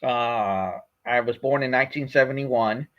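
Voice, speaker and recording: Homem cinquentão de fala arrastada. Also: male voice, medium pitch, a little slow, fairly bright tone, highs cut off. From Florida. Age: 50s. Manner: rambling, with many fillers and restarts. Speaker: host. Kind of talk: livestream chat.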